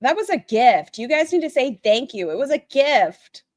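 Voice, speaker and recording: A woman talks over a livestream with blunt, crude, sarcastic remarks. Her voice sits fairly high and swings widely up and down. The recording is close and dry. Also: very animated, normal speed, a little mellow, no room sound. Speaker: commentary streamer reacting to a livestream. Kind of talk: casual reaction commentary.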